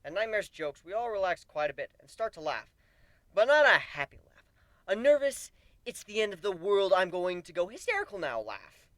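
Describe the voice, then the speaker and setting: A man giving a dramatic first-person reading of a story, swinging from deadpan asides to animated outbursts. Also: sits high, moderate pace, no room sound. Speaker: narrator.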